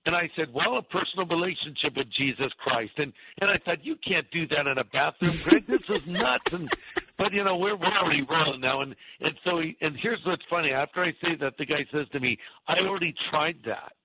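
A middle-aged male pastor telling a lively anecdote in a radio interview, acting out the voices in his story. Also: fairly high pitch, fairly quick, a little hiss or hum. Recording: tinny phone-line radio sound.

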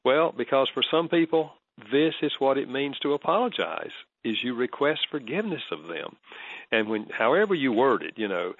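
A man, a counselor, calmly explaining advice in an interview and telling stories with quoted dialogue. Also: mid-range voice, no room sound, dull audio. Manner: calm, measured, storytelling with quoted dialogue. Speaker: marriage counselor and author as guest.

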